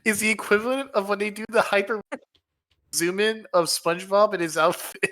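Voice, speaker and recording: Giggly woman player cracking jokes, bright tense voice. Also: mid-range voice, steady tone, normal speed. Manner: giggly and joking. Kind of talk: casual tabletop banter.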